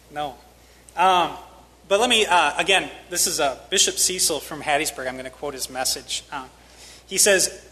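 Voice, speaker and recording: In a church hall, a man delivers a sermon with candor and self-deprecation, building rising emphasis on key lines. His somewhat high, bright voice comes a little slowly, with frequent pauses, and rings with long hall reverb.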